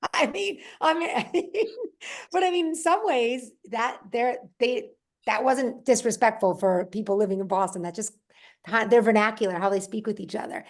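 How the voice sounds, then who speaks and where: A woman's voice: a little high, moderate pace. Chatty American woman from Rhode Island. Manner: animated storytelling, frequent restarts and laughs. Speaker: podcast guest or co-host. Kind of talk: casual conversational podcast talk.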